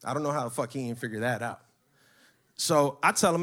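A man telling a story in a brash, profane, animated way. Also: medium pitch, brisk. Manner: brash, swearing, animated retelling.

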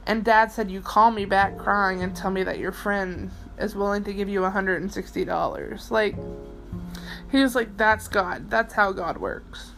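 A woman's voice: medium pitch, steady tone, normal speed, gravelly, a bit bright, soft background music, poor audio. A young adult woman hosting a podcast, talking through a bad day in a rambling, emotional way with many fillers and restarts, and she swears casually. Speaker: podcast host. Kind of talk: personal late-night monologue.

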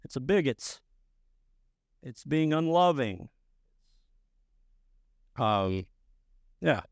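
A man preaching a sermon as pastor, emphatic and rising to loud bursts. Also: mid-range voice, sing-song, very slow, dry recording, clean studio sound.

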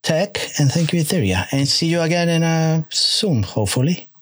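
A man's voice: fairly high pitch, lively intonation, moderate pace. A man hosting a casual interview, easygoing and friendly, often repeating his phrases. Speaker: interviewer host.

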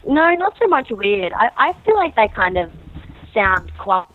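A woman's voice: mid-range voice, big pitch swings, a little slow. Australian woman on a tinny line. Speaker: guest. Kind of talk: casual chat.

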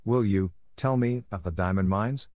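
A man's voice: fairly low pitch, moderate pace, a little mellow, dry recording, close to an everyday voice. A man voicing a small, tearful little girl who wails and whimpers, in a dry recording.

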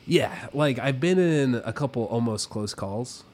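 A man's voice: mid-range voice, a little slow. Young man telling a story. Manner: animated storytelling, swears freely. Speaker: podcast co-host. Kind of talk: casual chat.

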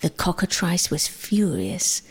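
A woman reading her own sleep story aloud, gentle and slow, often dropping into a whisper. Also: fairly low pitch, sing-song, slightly rough. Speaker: storyteller and author.

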